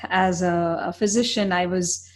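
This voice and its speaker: A middle-aged woman who is a child psychiatrist, hosting a podcast and talking in a halting way with restarts. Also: on the low side, steady tone. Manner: halting, with restarts and fillers while building a thought. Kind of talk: podcast conversation.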